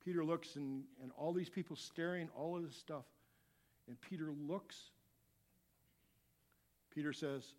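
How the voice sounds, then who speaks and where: A middle-aged male pastor preaching with a fairly high voice. He is animated, slipping into quiet asides and then building up to loud, forceful shouts. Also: measured pace, pauses often. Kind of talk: sermon.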